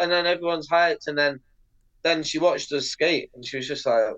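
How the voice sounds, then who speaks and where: On a muffled recording, a man with a fairly high voice speaks at a moderate pace. He's a pro skateboarder from England appearing as a podcast guest, spinning casual anecdotes full of swearing and lively impressions of the people involved.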